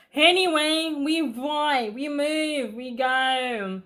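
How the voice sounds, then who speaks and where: A young woman vlogger telling a story in a casual, animated way, talking fast with bursts of emphasis. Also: a little high.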